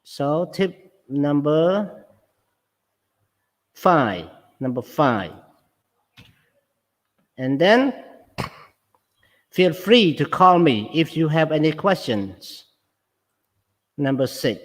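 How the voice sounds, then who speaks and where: Guy teaching english, reads out example lines then explains, kinda high voice, lots of ups and downs. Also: big pitch swings, extremely slow, long pauses. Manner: reads example sentences aloud then explains stress in Khmer. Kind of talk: classroom lesson mixing English and Khmer. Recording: long reverb in the room.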